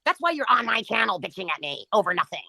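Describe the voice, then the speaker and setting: A woman's voice: mid-range voice, sing-song, quick pace, gravelly, pushed and bright, no echo. A woman hosting a livestream who reads out chat comments and answers them in a mocking, profane and taunting way. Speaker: livestream host.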